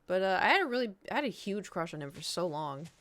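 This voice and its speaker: A woman's voice: on the low side, sing-song, quick pace, a bit bright, a little hiss or hum. A woman, chatting casually on stream and telling a rambling story full of fillers and quoted voices. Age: 30s.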